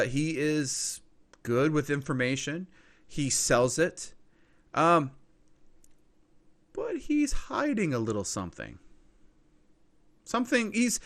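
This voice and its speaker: A man running a tabletop game as game master, describing what players see in a casual, relaxed way. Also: on the high side. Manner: casual, relaxed rulings with fillers.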